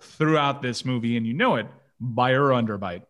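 A man's voice: mid-range voice, normal speed, fairly bright tone. A man co-hosting a casual movie chat, joking and playful. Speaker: podcast co-host.

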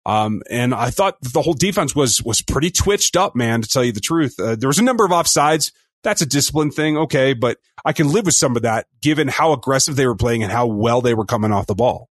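A man's voice: medium pitch, no room sound, studio quality. Upbeat man hosting a sports podcast. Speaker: podcast co-host. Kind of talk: casual sports talk.

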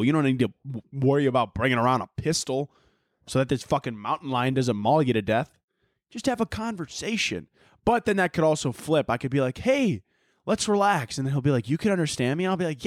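A young man hosts a podcast in a mid-range voice, rambling through casual, jokey, profane chat and laughing often. The recording is clean studio sound with no room noise.

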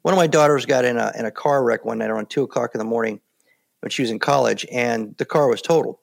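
Gravelly-voiced man telling calm stories. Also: medium pitch, fast talker. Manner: calm, plainspoken storyteller. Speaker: guest, former Navy SEAL. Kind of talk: casual interview talk.

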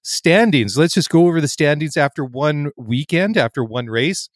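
A man's voice: fairly high pitch, lively intonation, moderate pace, dry recording, studio quality. A man co-hosting a podcast, reading results and chatting loosely with many fillers and restarts. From not American. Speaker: podcast co-host. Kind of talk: casual podcast chat.

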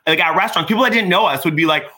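A man's voice: high-pitched, racing, sharp tone. A man hosting a casual podcast chat, agreeing often and telling his own stories. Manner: agreeing, frequent affirmations.

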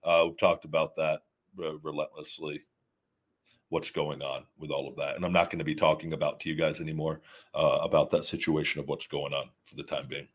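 This host has a very deep, husky voice and keeps a level tone at a brisk pace. On his live stream he goes through viewers' super chats in a casual, emphatic way, frequently backing up and starting over.

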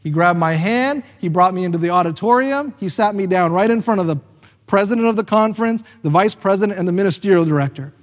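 A man's voice: sits high, quick pace, in a large hall. A man in his thirties, a pastor, preaching a sermon as a chatty personal story, with fillers and acted-out quotes.

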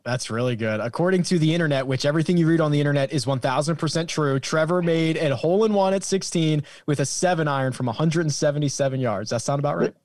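Guy hosting a golf talk show, slightly high voice, dry wry humor. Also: fast talker, few pauses, darkish tone, no echo. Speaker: host. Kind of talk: casual sports chat.

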